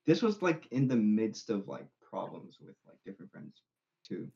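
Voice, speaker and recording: A man's voice: on the low side, big pitch swings, moderate pace, mellow. A young man chatting casually as a podcast guest, rambling and repeating himself as he retells what friends said. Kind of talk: casual chat. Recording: slightly dull lo-fi sound.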